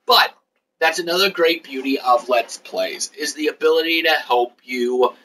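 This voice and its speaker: A man's voice: a little high, normal speed, pushed and bright, distant mic, a little hiss or hum, poor audio. A man hosting a casual chat, explaining at length in a rambling way. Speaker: host.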